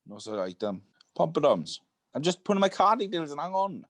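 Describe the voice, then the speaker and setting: A young man with a higher voice that jumps around a lot. He jokes and rushes his words in a casual podcast chat. The sound is dry and close. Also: big pitch swings, dry recording. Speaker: podcast co-host. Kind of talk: casual chat among friends.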